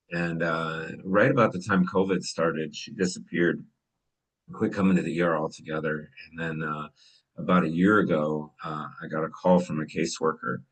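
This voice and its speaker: A middle-aged man with a very low, deep voice tells stories in an easy, loose way, full of small fillers. He speaks to students as an emergency doctor, chatting rather than lecturing. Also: moderate pace, poor audio. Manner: relaxed, conversational, many fillers. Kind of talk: casual storytelling talk.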